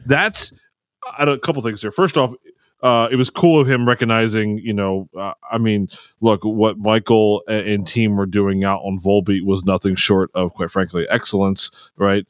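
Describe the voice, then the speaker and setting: A man's voice: on the low side, steady tone, normal speed, clean tone, dry recording, clean studio sound. A man co-hosting a casual podcast, rambling and laughing as he retells stories and quotes others. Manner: rambling, laughing, quoting others in put-on voices. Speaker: podcast co-host, live sound engineer. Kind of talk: casual chat.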